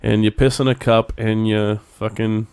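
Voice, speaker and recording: A man's voice: lowish voice, little pitch movement, darkish tone, clean tone. A man co-hosting a podcast in casual, profane banter, rambling and laughing easily. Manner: rambling, swears freely, quick to laugh. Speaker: podcast co-host.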